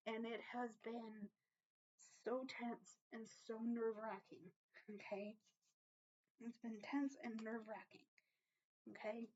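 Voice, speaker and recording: A woman's voice: on the high side, level tone, takes it slowly, long pauses, darkish tone, muffled recording. A woman giving a casual tarot reading to her viewers, earnest and emotional, often checking in with "okay?" and swearing casually. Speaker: tarot reader.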